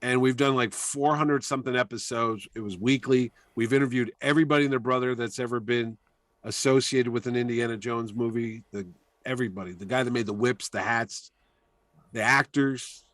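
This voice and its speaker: A man in a relaxed interview, spinning long anecdotes with lively energy. His voice sits in a middle register, and the recording sounds dry and close. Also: mid-range voice, brisk, no echo. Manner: animated storyteller, talks through anecdotes. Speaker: comic convention organizer, podcast guest; weekly radio show host. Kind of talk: casual storytelling interview.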